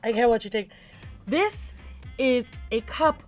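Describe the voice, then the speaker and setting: A woman's voice: a little high, animated, takes it slowly, faint music behind. A young woman co-hosting a casual food-tasting show, squeamish and dramatic, often laughing at what she has to eat. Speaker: co-host.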